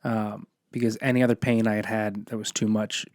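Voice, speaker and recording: A man's voice: fairly low pitch, flat delivery, fairly quick, dry recording, clean studio sound. A man hosting a podcast, speaking in an earnest, reflective, casual way. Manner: reflective, earnest, conversational fillers. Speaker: podcast host. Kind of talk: casual conversation.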